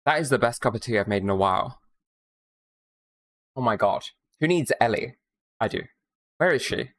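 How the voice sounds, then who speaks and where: A streamer from Minnesota giving casual, rambling commentary while playing a game, swearing often and tossing in quick asides. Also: mid-range voice, expressive.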